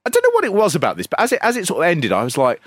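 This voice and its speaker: Male podcast co-host, sardonic and expressive, very dry mic. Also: high voice, rapid-fire, no echo. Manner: sarcastic, animated, mimics voices. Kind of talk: casual wrestling chat.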